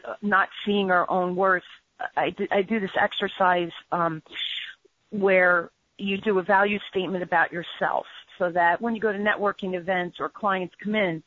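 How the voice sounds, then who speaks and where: A woman business trainer telling stories in a conversational interview, animated and full of "you know" fillers. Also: lowish voice, normal speed, no echo. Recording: dull lo-fi audio.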